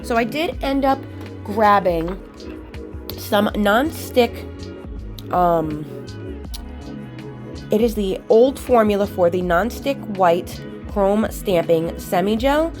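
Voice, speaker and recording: Young woman host for a nail tutorial, casual and rambling, very animated pitch, faint background music. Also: slow pace, pauses often. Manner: rambling and chatty, with many fillers and repeated words for emphasis; talks to her cat in a high squeaky voice. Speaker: nail art channel host. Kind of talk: casual chatty tutorial narration.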